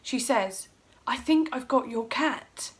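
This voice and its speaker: Middle-aged woman vlogger, fairly high voice, casual and emotional, retells events by acting out what was said. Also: animated, takes it slowly. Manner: emotional, rambling, acts out her own quotes. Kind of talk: casual storytelling vlog.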